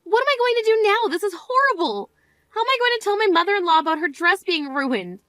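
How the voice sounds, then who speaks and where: A woman's voice: fairly high pitch, lively intonation, fairly quick, fairly bright tone, dry recording. A woman playing a firm, self-assured young bride. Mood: shocked. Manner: indignant, then cool and firm. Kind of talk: amateur voice drama.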